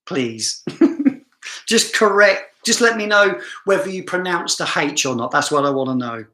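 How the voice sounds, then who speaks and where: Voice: medium pitch, animated, a little slow, sharp tone, roomy sound. A fragrance reviewer with a southern English accent, chatting through a live stream in a self-mocking way and laughing often.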